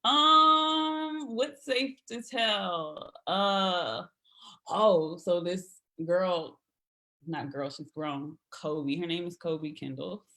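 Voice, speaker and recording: A woman's voice: on the low side, extremely slow. A woman guest on a podcast telling casual stories, acting out the voices of the people in them. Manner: animated anecdotes acting out quoted voices. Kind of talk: casual storytelling.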